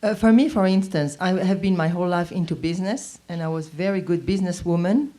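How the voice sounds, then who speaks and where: A woman's voice: fairly low pitch, quick pace, dark tone. A woman at a workshop, speaking earnestly and with doubt. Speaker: workshop participant.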